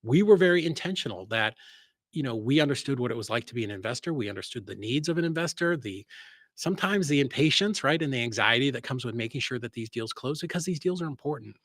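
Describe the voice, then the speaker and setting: A man speaking as a guest in a casual interview, blunt and self-assured, acting out quoted voices with sudden jumps in pitch. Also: fast talker, no room sound. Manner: energetic, acts out quoted voices with sharp rises. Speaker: real estate investor and guest.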